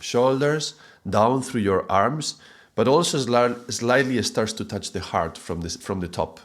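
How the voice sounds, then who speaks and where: A man teaching a mantra chanting lesson, patiently explaining sounds and chanting drawn-out syllables. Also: lowish voice.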